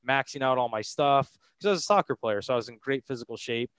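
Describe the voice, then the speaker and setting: A man's voice: medium pitch, fast talker, fairly bright tone, clear, resonant tone, dry recording. A man from the United States, a podcast guest, frankly and casually telling his own story in conversation. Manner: casual, frank, loose with fillers.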